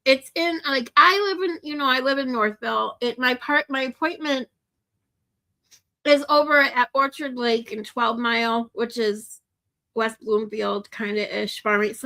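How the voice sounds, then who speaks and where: A little high and bright with a pushed quality, her voice carries through a casual chat with livestream viewers. The streamer rambles, breaks into frequent laughter, and grows tearful.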